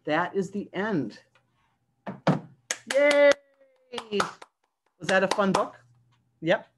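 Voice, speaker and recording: Animated story time librarian woman. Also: medium pitch, very slow, background noise. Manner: animated, talking to young children. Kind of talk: read-aloud story time for kids. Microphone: video call.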